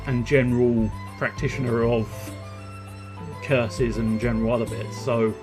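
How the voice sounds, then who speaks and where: A man's voice: medium pitch, steady tone, unhurried. A man giving casual, joking commentary over a game, often laughing and reading the dialogue aloud. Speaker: game let's-play commentator. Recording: game music behind.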